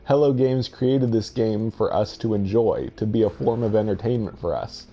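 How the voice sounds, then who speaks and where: Over footage of his space exploration game, a man who hosts game videos offers hesitant, musing commentary, often trailing off and starting again. He speaks at a normal speed in a lowish, warm voice.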